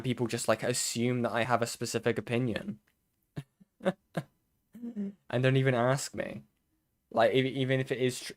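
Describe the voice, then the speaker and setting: A male streamer rants casually over a clip he is watching. His pitch sits in the middle of the range. He talks bluntly, swears freely and laughs through his frustration. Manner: blunt, swears often, exasperated asides, laughs. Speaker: commentary streamer. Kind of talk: casual reaction commentary.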